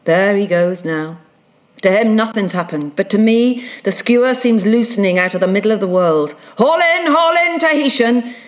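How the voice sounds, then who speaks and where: A woman's voice: mid-range voice, moderate pace, darkish tone, natural voice. A woman reading an audiobook, voicing a brooding, fierce old sea captain in a declamatory, commanding way.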